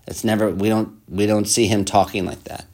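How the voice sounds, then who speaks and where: A man's voice: fairly low pitch, level tone, normal speed, darkish tone, slight background noise. A man preaching a sermon, reading an old text aloud and then explaining it in plain words, with hesitant restarts.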